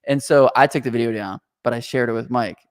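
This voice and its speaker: A man hosting a casual business Q&A podcast, talking in an animated, joking way with quick asides and restarts. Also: medium pitch. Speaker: podcast host.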